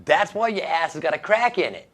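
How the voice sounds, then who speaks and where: A man's voice: a little high, lively intonation, brisk, fairly bright tone, slightly rough. A man hosting a radio show, reading odd news stories and making wry jokes about them, laughing at his own lines. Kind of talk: casual comedic news commentary.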